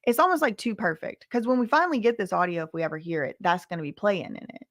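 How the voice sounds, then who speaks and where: A woman's voice: medium pitch, fast, a bit bright, no room sound, studio quality. A woman hosting legal commentary, reading court quotes aloud in a casual, chatty way with frequent asides.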